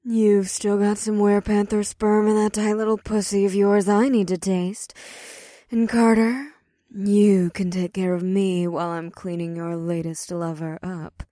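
A woman voicing a commanding, seductive female succubus with a slow, purring, breathy delivery in an audio story. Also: medium pitch, little pitch movement, mellow, no echo, clean studio sound, natural voice.

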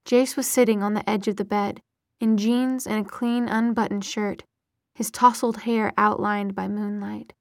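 A woman narrating a romance novel in a soft, breathy whisper. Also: mid-range voice, flat delivery, measured pace, no echo, studio quality.

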